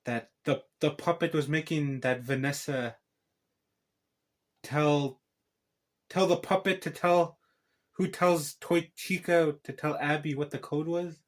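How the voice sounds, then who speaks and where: A man's voice: on the high side, fairly even intonation, slow, long pauses. A man giving a casual spoken film recap as a reviewer, rambling through a tangled retelling full of restarts.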